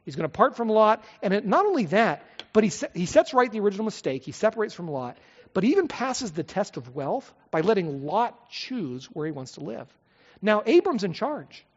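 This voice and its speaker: Animated male preacher in an echoey hall. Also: sits high, brisk, breathy edge. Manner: lively, conversational preaching with asides and rhetorical questions. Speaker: pastor. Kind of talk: expository sermon. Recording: echoey hall, slightly dull sound.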